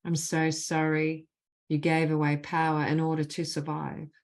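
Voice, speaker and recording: Woman, low voice, spiritual mentor on a video call, guides slow repeated healing phrases. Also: completely flat delivery. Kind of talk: guided clearing session with spoken healing phrases.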